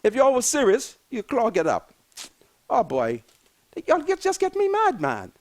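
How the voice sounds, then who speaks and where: High, lively older Bahamian man ranting. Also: a little slow. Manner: emphatic, repetitive, preachy. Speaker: political commentator. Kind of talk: fiery political rant.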